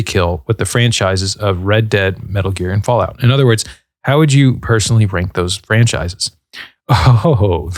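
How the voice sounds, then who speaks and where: This thirtysomething podcaster reads out questions from listeners and meanders through his thoughts in an easygoing, filler-heavy way. His voice sits low, and the sound is dry and near the microphone, with no echo at all.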